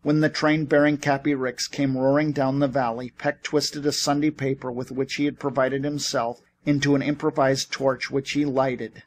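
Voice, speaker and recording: A man reading an audiobook as narrator, with steady storytelling delivery. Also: mid-range voice, normal speed, few pauses. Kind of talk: scripted narration.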